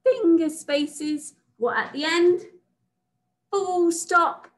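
Slow sing-song woman teacher. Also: very high voice, rough recording. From England. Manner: slow, sing-song, sounds out letters and praises. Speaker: reception class teacher. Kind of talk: recorded phonics lesson for young children.

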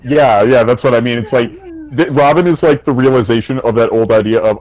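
A man's voice: medium pitch, steady tone, fast talker, a little mellow, poor audio. A man hosting a gameplay stream, chatting casually and explaining things at length. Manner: rambling, explains with lots of fillers. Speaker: host. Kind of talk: casual chat while gaming.

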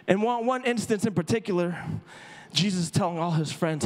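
A man preaching a sermon as a pastor, storytelling with emphasis and dramatic pauses. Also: high voice, a little mellow. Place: church auditorium. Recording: echoey church hall.

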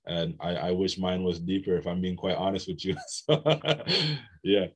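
A man speaking as a panelist over a video call, low-key and hesitant, with a self-deprecating manner. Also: unhurried, husky. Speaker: panelist poet. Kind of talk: panel discussion.

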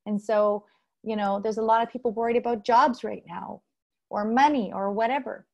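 A middle-aged woman relationship coach giving an earnest, animated motivational talk, acting out what other people say. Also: a little high, normal speed, gravelly, dull audio. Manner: earnest and animated, acts out quoted voices.

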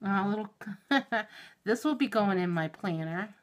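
A middle-aged woman opening a mail package in a home vlog, gushing and giggling, shaky with excitement. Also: mid-range voice, a little slow. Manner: gushing and giggly, exclaims often. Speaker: YouTube reviewer. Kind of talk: unboxing vlog.

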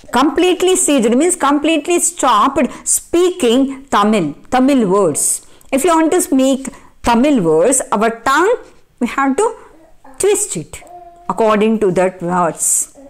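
A woman with an Indian English accent lectures on a textbook passage, her voice sitting a little high. She poses questions to the class and answers them herself, repeating key phrases as she explains. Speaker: English teacher.

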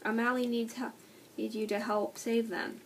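A woman's voice: fairly high pitch, little pitch movement, normal speed, close to an everyday voice. A woman doing a timid little mouse. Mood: frightened. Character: timid little male mouse, brave despite nerves. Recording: distant mic with faint noise.

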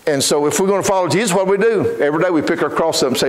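A pastor preaching in a folksy, fervent way. His voice is notably high for a man. The sermon rings through a roomy church hall. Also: very fast, few pauses. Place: church sanctuary. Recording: echoey church room.

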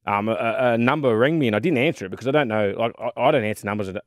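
A man's voice: mid-range voice, racing, no room sound, clean studio sound. An Australian man in his thirties telling rugby league stories in a casual podcast chat, full of fillers. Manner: animated storyteller, fillers and mate. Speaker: podcast co-host, former rugby league player.

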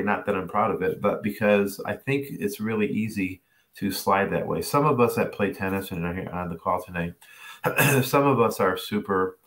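A middle-aged man, a tennis coach, telling a story to a class over a video call and acting out the voices he quotes. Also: lowish voice. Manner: animated, acts out quoted voices. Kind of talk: storytelling masterclass talk.

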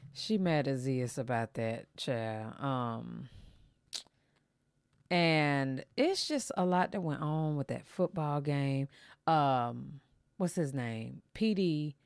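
Sassy low-voiced woman host. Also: darkish tone, no room sound. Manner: sassy, drawn-out asides. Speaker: gossip show host. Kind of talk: casual commentary.

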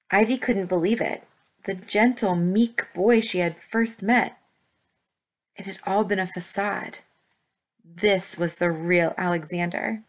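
A woman teacher reading a children's novel aloud with steady, expressive storytelling. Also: on the low side, measured pace. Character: brave young girl heroine. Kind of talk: children's book read-aloud.

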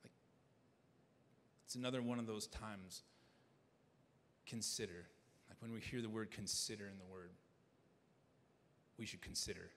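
A man's voice: fairly low pitch, unhurried, pauses often, a bit bright, a little hiss or hum. A man preaching a sermon as pastor, earnest, often restarting his phrases. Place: church sanctuary. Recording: long church hall reverb.

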